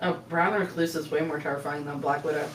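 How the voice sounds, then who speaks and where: A woman co-hosting a casual podcast chat, telling stories with loud, animated impressions. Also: low-pitched, quick pace, recorded from a distance, noisy background. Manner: animated storyteller, shrieking impressions. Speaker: podcast co-host. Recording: roomy, off-mic sound with faint ambience.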